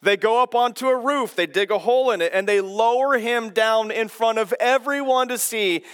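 A man preaching a sermon as pastor, teaching in an animated way and posing rhetorical questions to his listeners. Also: extremely high pitch, normal speed, smooth.

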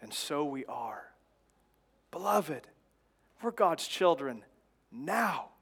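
A man's voice: on the high side, very animated, extremely slow, a bit bright, slightly rough. A man in his thirties preaching a sermon in an earnest, exhorting way, pressing his points with repeated phrases. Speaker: pastor.

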